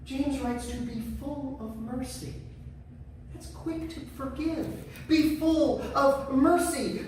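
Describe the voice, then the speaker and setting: A man's voice: extremely high pitch, slight background noise. A man preaching a sermon as pastor, emphatic and repeating key phrases for weight. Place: church sanctuary. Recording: echoey church from far off.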